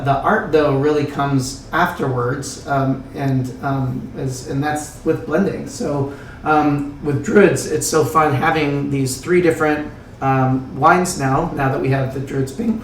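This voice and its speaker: A man who works as a winemaker talks in a rambling, casual way full of fillers and restarts, with a croaky throat. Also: medium pitch, slight background noise. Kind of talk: casual podcast chat. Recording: roomy sound, distant mic.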